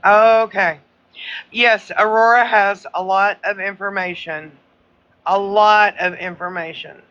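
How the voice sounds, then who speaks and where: A woman's voice: medium pitch, steady tone, takes it slowly, a bit bright, muffled recording. A woman hosting a live stream, chatting casually and repeating her points insistently. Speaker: livestream host.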